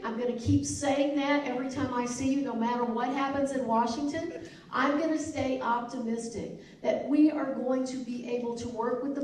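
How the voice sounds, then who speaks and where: A congresswoman with a Southern US accent gives an emphatic, repetitive town hall speech in an elementary school hall. Her voice is on the high side and a little mellow, heard from far off in an echoey hall with a little hiss or hum.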